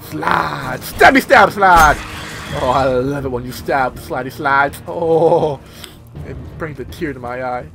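A man giving casual let's-play commentary as he plays, excitable and swearing often with sudden outbursts. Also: medium pitch, normal speed, creaky, hardly any pauses. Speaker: gameplay commentator. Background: game music.

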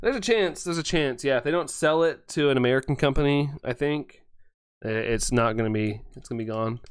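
An excitable male streamer voices his live chat messages, thanking viewers quickly and breaking into laughter often. His pitch is medium and smooth, with no echo.

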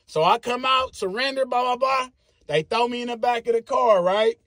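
Bay man in his thirties, very high husky voice, animated and profane storyteller who makes his own sound effects. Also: moderate pace, no room sound, clean studio sound. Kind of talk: casual storytelling.

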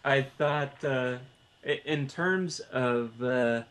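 A man's voice: mid-range voice, drawn-out words, a bit bright, a little hiss or hum. A man co-hosting a casual film podcast, stammering and restarting his phrases as he makes his point. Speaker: podcast co-host.

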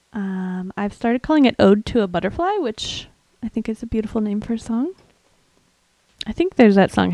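A woman's voice: mid-range voice, dry recording, poor audio. Chatty woman livestream musician, dry mic. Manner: chatty, rambling, soft and laughing. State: tired voice. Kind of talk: casual chat between songs.

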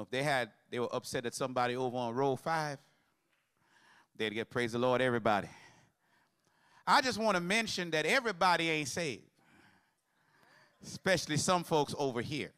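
A man's voice: mid-range voice, fairly bright tone. A man preaching a sermon as pastor, mixing humor with call-and-response to the congregation.

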